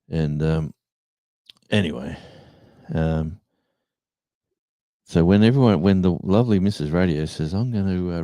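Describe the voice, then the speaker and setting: A man's voice: low-pitched, no room sound, clean studio sound. A man hosting a live stream, telling long rambling stories in a casual, chatty way. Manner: rambling storyteller, chatty and animated. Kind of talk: casual chat.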